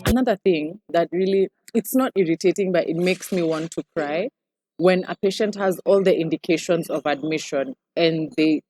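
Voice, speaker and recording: A newly qualified young woman doctor with a Kenyan accent is a guest in a casual interview, chatting animatedly and slipping Swahili phrases into her English. Her voice sits low with a darkish tone.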